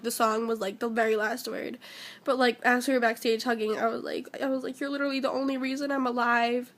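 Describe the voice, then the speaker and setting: A teenage girl telling an excited personal story, gushing and filling every pause with "like," shaky and close to tears. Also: on the high side. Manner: breathless, gushing, heavy use of "like". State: shaky and emotional, near tears. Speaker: vlogger.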